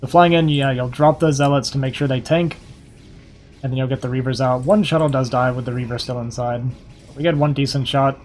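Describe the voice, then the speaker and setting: A young man giving casual, quick play-by-play commentary on a strategy game match, a little hoarse and thinking aloud as he goes. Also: mid-range voice, steady tone, darkish tone, soft background music. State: slightly hoarse, losing his voice. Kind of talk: live esports play-by-play commentary.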